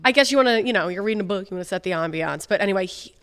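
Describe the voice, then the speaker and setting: A woman's voice: medium pitch, animated, racing, fairly bright tone, clean tone, in a large hall. A woman co-hosting a TV advice show, chatting and telling stories with animation. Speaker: co-host. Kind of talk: casual chat.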